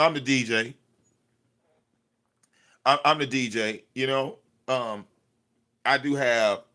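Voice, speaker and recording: A livestream host with a sharp-toned, mid-range voice goes on a profane, confrontational rant at someone, repeating himself, all from a cluttered room in his home.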